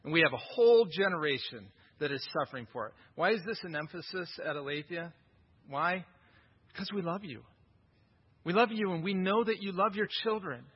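Casting note: male pastor, high husky voice, emphatic sermon delivery, slightly muffled recording. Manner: emphatic, rhetorical questions, repetition.

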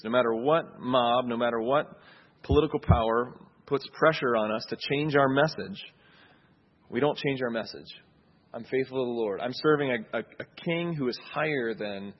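A man's voice: medium pitch, husky, highs cut off. A man preaching a sermon in a conversational way, checking in with listeners as he goes. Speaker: pastor.

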